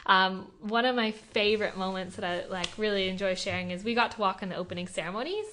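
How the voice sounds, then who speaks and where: A young Australian woman, a podcast guest, telling her story in an animated, emotional way with lots of fillers. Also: medium pitch, quick pace, a little hiss or hum. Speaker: podcast guest, Olympic athlete. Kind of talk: casual interview conversation.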